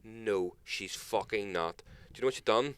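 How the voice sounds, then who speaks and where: Podcast co-host, young man, clear voice with plenty of swing, mocking and sweary, dry close sound. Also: fairly low pitch, moderate pace, a bit bright, no echo. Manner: sweary, mocking, laughs often. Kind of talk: casual chat.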